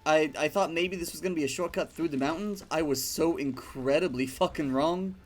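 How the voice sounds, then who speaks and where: This streamer's voice sits on the high side and moves a little fast as he plays a video game and chats casually. He wanders through a story in his let's-play commentary, full of fillers and the odd curse word.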